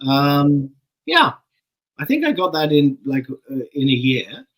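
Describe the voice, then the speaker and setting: A middle-aged man from Canada, a guest actor telling stories in a relaxed, chatty way, laughing and swearing casually. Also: on the high side, slow pace, poor audio. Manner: relaxed anecdotal storytelling, laughs and swears freely. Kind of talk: casual interview chat.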